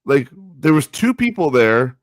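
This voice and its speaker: A man's voice: medium pitch, very animated, measured pace. A man with an ordinary, mid-range voice chats about wrestling on a podcast. He rambles and restarts his sentences often. The sound is dry and close, with no room echo. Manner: rambling, full of fillers and restarts. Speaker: podcast co-host. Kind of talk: casual wrestling chat.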